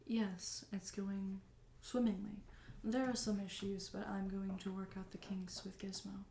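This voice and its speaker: Woman playing a hushed floating male assistant, flat, businesslike, roomy, faint ambience. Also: medium pitch, unhurried, creaky, slight background noise. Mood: calm.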